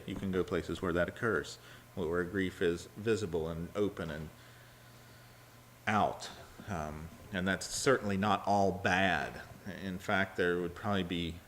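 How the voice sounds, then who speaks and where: A man's voice: low voice, slight background noise. A man teaching a Bible study sermon in a conversational way, with frequent fillers and restarts. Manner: halting, many fillers and restarts; acts out quoted lines with a raised, louder voice.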